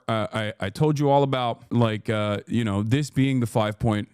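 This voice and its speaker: A man's voice: fairly low pitch, moderate pace, a little mellow, clean tone, dry recording, studio quality. A man streaming political commentary, reacting to news clips in a profane, exasperated way and often mocking others in put-on voices.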